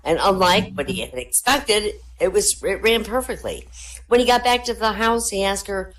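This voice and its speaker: A woman telling jokes at an online comedy night in a deadpan storytelling manner, raising her pitch for the punchlines. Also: moderate pace. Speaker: joke teller. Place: online voice chat room.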